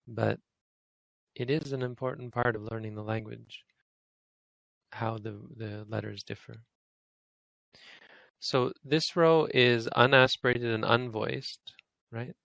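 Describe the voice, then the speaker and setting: Man teaching a language lesson, gravelly. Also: mid-range voice, a bit bright, no echo. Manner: patient, explanatory, demonstrates sounds repeatedly.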